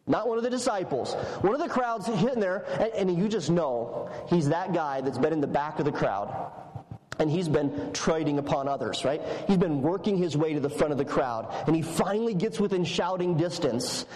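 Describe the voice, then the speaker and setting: A man with a high voice preaches a sermon, talking to the congregation in a conversational, animated way. His voice rings through a roomy church hall with a long reverb tail. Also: moderate pace. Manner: conversational and animated, shifting voice for emphasis.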